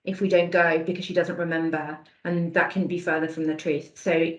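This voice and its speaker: A woman's voice: fairly low pitch, flat delivery, normal speed, echoey room, dull audio. A woman presenting an online dementia awareness session over a video call, with an encouraging, conversational manner. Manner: warm, encouraging, praises answers from chat. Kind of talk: online training talk.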